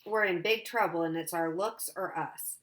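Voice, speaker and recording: A woman's voice: lowish voice, moderate pace, a bit bright, close to an everyday voice. A woman reading as a scared teenage boy. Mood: subdued.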